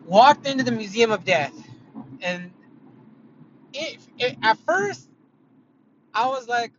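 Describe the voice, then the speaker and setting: Casting note: a man with a high voice for a rambling, profane casual story. Dull lo-fi audio from inside a car. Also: lively intonation, normal speed, pauses often, noisy background. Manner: rambling, heavy swearing, many fillers.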